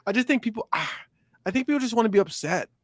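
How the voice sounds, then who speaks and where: This young podcast co-host has a high voice and talks fast and animatedly. He rambles through a casual chat in a relaxed way, piling on fillers and starting his sentences over.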